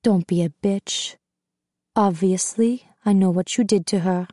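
A manipulative young male dancer hisses his accusations in a low, threatening whisper, as a woman narrator puts him on. He drawls each line slowly and tauntingly, in a mellow, dark tone. The sound is close and dry, with no room around it. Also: dry recording, natural voice. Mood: menacing.

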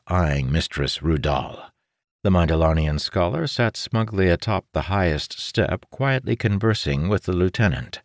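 A man narrating a fantasy audiobook in a measured, dramatic manner on a close studio mic. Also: sits low, animated, dry recording.

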